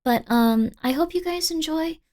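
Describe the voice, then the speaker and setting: A sleepy, tired woman streamer chats casually as her live stream winds down, rambling, repeating herself, and slightly slurring her words. Her voice sits high and a little mellow, at a normal speed.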